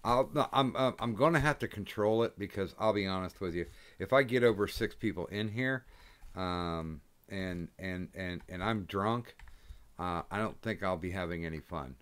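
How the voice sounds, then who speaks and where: A man hosts a casual stream chat, rambling along with plenty of hesitant fillers. His voice is deep, smooth and resonant. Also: normal speed, fairly bright tone. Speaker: stream host.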